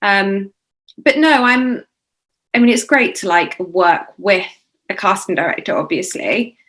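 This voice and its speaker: Bright-voiced, chatty British woman. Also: mid-range voice, a little slow. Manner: chatty, animated, laughs often. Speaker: actress, interview guest. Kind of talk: casual interview chat. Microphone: video call.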